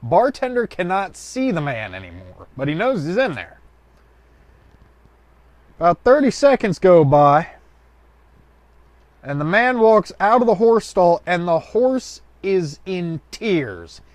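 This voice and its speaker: A man's voice: high-pitched, sing-song, takes it slowly, long pauses, dry recording. A man telling a joke in a loose, colloquial storytelling way with rambling asides. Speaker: joke teller.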